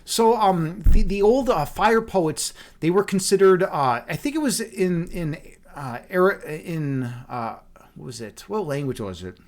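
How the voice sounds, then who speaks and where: A man's voice: sits high, sing-song, a little slow. A man hosting a livestream, chatting casually with his viewers in a loose, playful, rambling way with lots of fillers. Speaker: livestream host reading chat.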